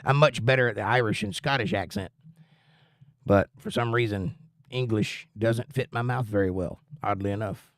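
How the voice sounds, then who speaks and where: A man's voice: lowish voice, normal speed, gravelly, no echo, studio quality. A man hosting a casual livestream, chatting in a rambling, folksy way and reading viewer comments aloud. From United States. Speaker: livestream host.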